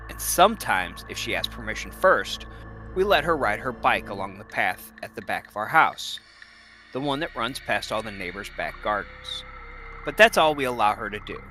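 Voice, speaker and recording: A man reading a horror story aloud in first person, expressive and lively. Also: medium pitch.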